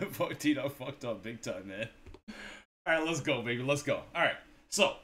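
Excitable young male streamer, lively pitch. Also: unhurried. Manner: excitable, swears, laughs a lot, greets chat. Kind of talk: live gaming stream chat.

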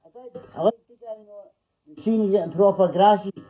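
A middle-aged Scottish man rambles bluntly on a livestream he hosts, swearing freely in casual chat. His voice is high and a little fast, and the audio sounds tinny, like a phone.

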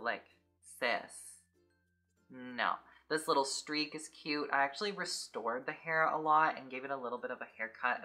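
A woman's voice: rumbling low, bright, forceful tone. A young adult woman hosting a casual unboxing vlog, chatty and filling her speech with "like". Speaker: YouTube host.

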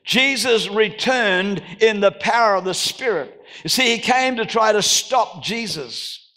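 An expressive, high-voiced Australian pastor preaches at a measured pace, calling out to those gathered and rising into shouted statements, all recorded in a church hall.

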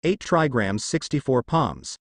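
A man's voice: mid-range voice, very animated, unhurried, dry recording, studio quality. A man voicing an arrogant young male fighter who brags and rants about his clan. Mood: boastful. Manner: bragging, ranting.

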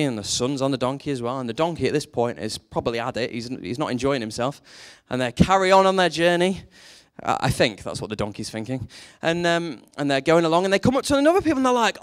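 A man preaching a sermon, telling a story with lively energy and briefly acting out the characters in it. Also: medium pitch, fast talker. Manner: animated storytelling, acts out quoted characters.

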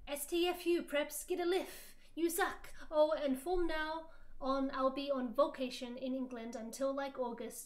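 A woman streamer reading fan fiction aloud for laughs, with theatrical, loud, overblown quotes. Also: sits high.

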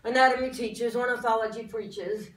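A woman's voice: fairly high pitch, fairly even intonation, moderate pace, echoey room, recorded from a distance, a little hiss or hum, pitched above the performer's own voice, natural voice, low-quality recording. A woman voicing an indignant young man who lectures as a self-styled bird expert, in a dramatic poetry recitation. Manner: lecturing, exasperated, theatrical.

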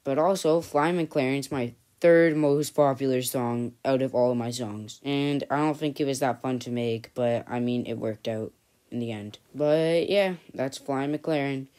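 A channel host with a mid-range, darkish voice rambles unhurriedly through a casual vlog recap. The talk is loose and offhand, sprinkled with "and yeah" and "honestly."

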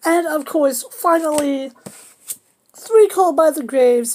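High-voiced playful woman. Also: slow, darkish tone. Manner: playful, trash-talking, with goofy sound effects. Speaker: card game deck presenter. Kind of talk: casual deck profile. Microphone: camera on a table.

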